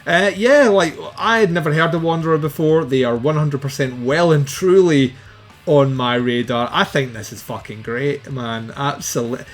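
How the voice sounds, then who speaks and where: A man's voice: fairly high pitch, moderate pace, faint music behind. Profane, enthusiastic male podcast co-host. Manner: swears freely, enthusiastic. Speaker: album review co-host. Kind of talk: casual podcast chat.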